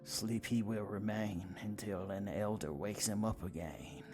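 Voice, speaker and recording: A man's voice: very deep voice, sing-song, slow, vocal fry, over music, voice pushed down, exaggerated voice. A man voicing a very tall, unreadable male vampire who speaks in a cryptic rhythm.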